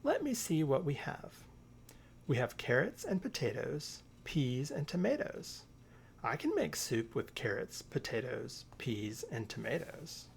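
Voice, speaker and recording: A man reading a storybook aloud, voicing an eager, excitable little bear cub. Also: medium pitch, a little slow, vocal fry, slight background noise. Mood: cheerful.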